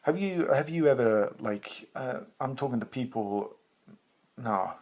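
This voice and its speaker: A man's voice: mid-range voice, lively intonation, unhurried, a little mellow. A young man hosting a solo podcast, rambling in a meandering, profane, self-mocking way with bursts of laughter. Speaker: podcast host.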